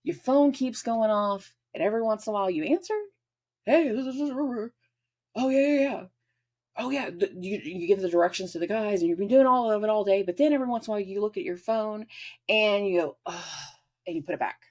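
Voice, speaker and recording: A woman hosting an astrology channel, giving a casual forecast and acting out everyday scenes in an animated way. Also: medium pitch, fast talker.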